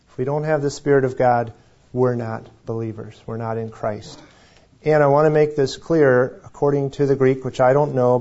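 A man's voice: medium pitch, mellow. An older man preaching a sermon as pastor, talking in a conversational, folksy way with jokes and scripture readings. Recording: slightly dull lo-fi recording.

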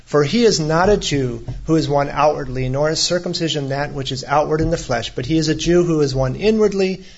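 A man's voice: on the high side, a little fast, creaky, lo-fi sound. A man preaching a sermon as a pastor, in a conversational way with humorous asides.

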